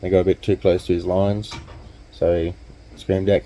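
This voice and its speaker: A man's voice: low voice, level tone, normal speed, warm tone, a little hiss or hum, low-quality recording. A man with an Australian accent telling a story in a laid-back, chatty, slangy way. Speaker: vlogger. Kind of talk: casual storytelling.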